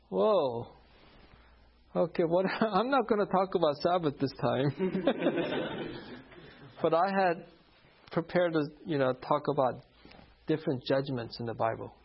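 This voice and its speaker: A man's voice: on the high side, expressive, slow pace, gravelly, pauses often, breathy edge. A man preaching, telling a personal story from the pulpit, often laughing and acting out the voices of the people in it. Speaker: pastor. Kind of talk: sermon storytelling. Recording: dull lo-fi sound.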